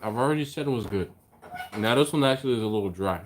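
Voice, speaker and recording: An American man hosts a relaxed live stream from a home kitchen, ribbing his companion and reading viewer comments aloud. His pitch sits in an everyday middle range, with a faint hiss of noise behind him. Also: fast talker. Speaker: host. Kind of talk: casual live stream chat.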